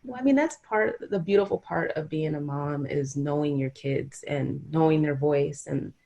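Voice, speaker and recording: A woman's voice: low voice, normal speed, gravelly, warm tone. A middle-aged woman hosting a podcast interview, talking in an earnest, reflective, rambling way. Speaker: podcast host. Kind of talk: emotional conversational interview.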